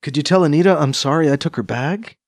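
A man's voice: a little high, fast, no echo, voice pushed up. A man voicing a sullen, defiant young woman prisoner in an audiobook, curt, defensive and sarcastic. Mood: subdued. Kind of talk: audiobook character voice.

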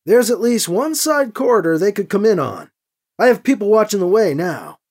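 An audiobook reader voicing a commanding woman leader giving brisk, clipped orders over a comm line. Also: medium pitch, very animated, a little mellow.

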